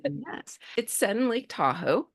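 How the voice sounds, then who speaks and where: A woman's voice: on the high side, very animated, unhurried, gravelly. A woman hosting a podcast, talking in a chatty, enthusiastic way with frequent restarts. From Bay Area, California. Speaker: podcast host. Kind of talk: casual interview.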